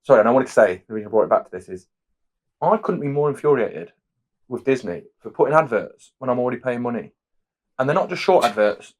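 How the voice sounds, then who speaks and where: Fast-talking opinionated man. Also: mid-range voice, expressive. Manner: opinionated, quick rants. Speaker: podcast co-host. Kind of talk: casual chat.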